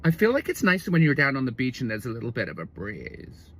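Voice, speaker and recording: A man voicing a bored young Californian woman who speaks with a croaky vocal fry that trails off at the end of each sentence. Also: mid-range voice, huge pitch swings, quick pace, a bit bright, exaggerated voice. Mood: languid. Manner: starts every sentence with "I feel".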